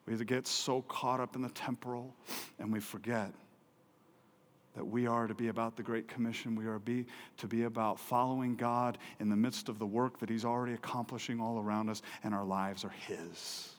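A man preaching a sermon with passion, swinging from loud, emphatic peaks to low, quiet stretches. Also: flat delivery, brisk. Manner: impassioned preaching, rising loud for emphasis and dropping low and soft. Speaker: pastor. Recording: long hall reverb.

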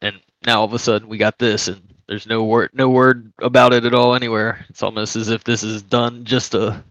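A man who is a guest on a podcast, chatting casually and in a relaxed way. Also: fairly low pitch, a little fast, no room sound, lo-fi sound.

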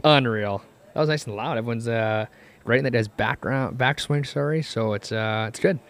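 A man's voice: mid-range voice, normal speed. A man hosting a casual podcast, reading ads and chatting in an upbeat, laid-back way. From Canada. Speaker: podcast host. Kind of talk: casual chat and ad reads.

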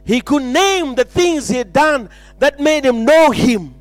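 A man's voice: extremely high pitch, animated, a little slow, no echo, faint music behind. A man preaching an impassioned sermon, repeating phrases and stumbling into restarts.

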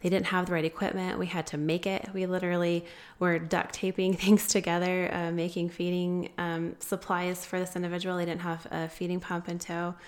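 A woman guest telling a long story in an interview, earnest and pausing often with fillers. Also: on the low side, flat delivery. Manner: earnest, many filler pauses. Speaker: guest, founder of an anti-trafficking group.

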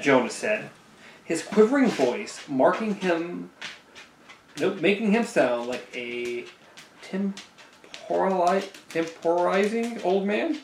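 A man's voice: sits high, sing-song, slow pace, recorded from a distance, a little hiss or hum. A man reading a novel aloud with hesitant casual asides and stumbles over hard words. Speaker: book club reader. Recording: echoey room.

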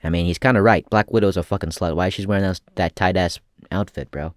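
A man giving casual comedic commentary as a vlogger, rambling and profane with deadpan asides. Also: sits low, fast talker, no echo, studio quality.

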